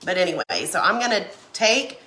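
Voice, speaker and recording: A woman's voice: on the low side, very animated, normal speed, reverberant, noisy background. A woman who has a cold, chatting casually and laughing as she crafts and answers viewer comments. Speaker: craft livestream host. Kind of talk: casual chat while crafting.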